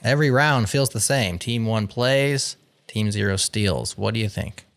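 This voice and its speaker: A man's voice: fairly low pitch, unhurried, vocal fry. A man hosting a podcast game show, reading out survey results in a playful, wry way.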